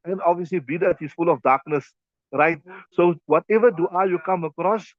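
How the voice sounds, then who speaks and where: A man with a South African accent, a mufti teaching a hadith class in a conversational way, with quick Arabic recitation. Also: high voice, no echo, lo-fi sound. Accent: South African English.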